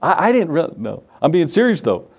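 A man's voice: a little high, sing-song, brisk, vocal fry, husky. Folksy man preaching a sermon. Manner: folksy, conversational preaching with asides and chuckles. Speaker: pastor.

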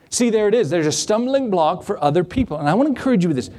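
A middle-aged male pastor preaching a sermon, swinging his pitch and pace as he acts out Bible scenes. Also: animated, racing, few pauses, warm tone.

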